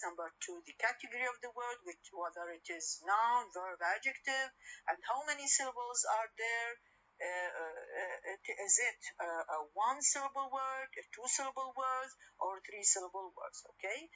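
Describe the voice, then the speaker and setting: Woman lecturer, Arabic accent, bright voice, halting delivery, lo-fi lecture recording. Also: mid-range voice. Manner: hesitant, many fillers and restarts. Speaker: university lecturer. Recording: dull lo-fi recording, faint noise.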